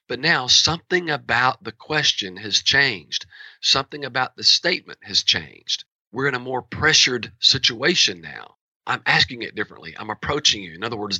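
A man working as a horse trainer, explaining his training methods in an animated, storytelling way and acting out quoted dialogue. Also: medium pitch, dry recording, dull audio.

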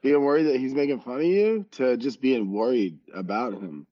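Dry teasing podcast guy, ordinary middle pitch, dead close mic. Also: expressive, normal speed, no echo, muffled recording. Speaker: podcast co-host. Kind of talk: casual chat.

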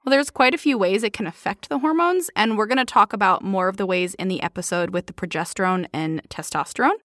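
A woman co-hosts a playful health podcast, explaining science with jokes and giggling often. Her mid-range voice is quick and a bit bright. The studio-quality recording has no echo.

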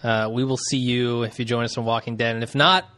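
A man's voice: medium pitch, fairly even intonation, fairly quick, bright, forceful tone. A man co-hosting a podcast in easygoing casual chat, chiming in and agreeing. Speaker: podcast co-host.

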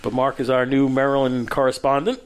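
A man's voice: medium pitch, level tone, fairly quick. Man telling stories on a cigar podcast. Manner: storytelling, laughs often. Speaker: podcast host. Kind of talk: casual chat among friends.

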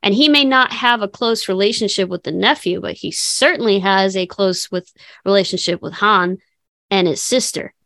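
A woman co-hosting a casual film podcast, talking in an animated way and acting out quotes in voices. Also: medium pitch, normal speed, dry recording. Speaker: podcast co-host. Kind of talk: casual chat about films.

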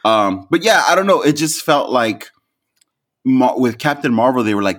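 A man co-hosting a podcast in casual chat, animated, often restarting sentences and acting out quotes. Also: mid-range voice, normal speed. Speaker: podcast co-host.

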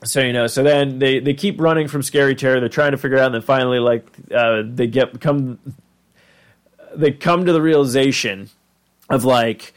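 A man's voice: mid-range voice, fairly even intonation, moderate pace. A man casually recapping a cartoon episode, rambling and chatty, full of fillers and acted-out quotes.

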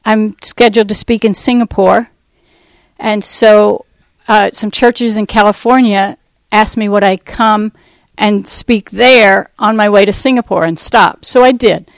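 A woman giving a personal faith testimony to a church audience, telling her story in a rambling, animated way and acting out what people said. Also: mid-range voice, measured pace, dry recording, poor audio. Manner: animated storytelling that acts out quoted speech; rambling, with fillers and restarts. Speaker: Christian ministry speaker.

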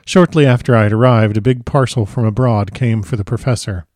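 A man narrating a classic novel in the first person with measured, formal diction. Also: mid-range voice, darkish tone, dry recording, studio quality. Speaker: audiobook narrator.

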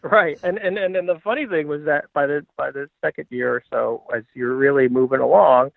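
An earnest man recounts his experiences as a podcast guest, stopping and restarting his sentences as he reflects. His voice is gravelly and sits a little high. The sound is dry and tinny, as if coming through a phone line. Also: a little fast, no room sound. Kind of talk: casual podcast storytelling.

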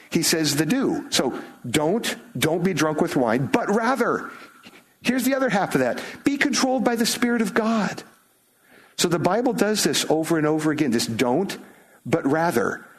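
Husky man preaching a conversational sermon. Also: fairly high pitch. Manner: conversational, animated, rhetorical questions. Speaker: pastor.

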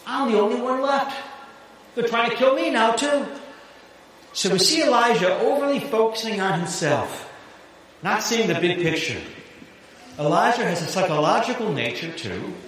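A man preaching a sermon as pastor, animated and laughing at his own jokes. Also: high-pitched. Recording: echoey hall with long reverb, faint hiss.

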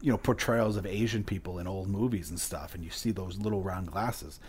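A man's voice: deep voice, brisk, a little mellow, husky. A man co-hosting a casual movie podcast, sharing film trivia in a loose, rambling way. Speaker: podcast co-host.

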